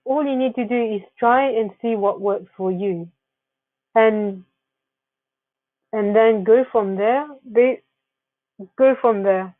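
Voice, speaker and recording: A woman's voice: fairly high pitch, slow, pauses often, no room sound. Woman presenter, narrated slides, earnest advice-giving tone, phone-quality audio, dry and close. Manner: earnest, advising, with frequent restarts. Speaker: wellness presenter. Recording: tinny phone-like, dry sound.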